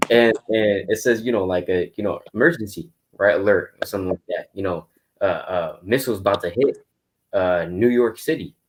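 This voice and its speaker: A man preaching casually in a Bible study, telling stories of his street outreach in quick bursts. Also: low voice. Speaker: Bible teacher.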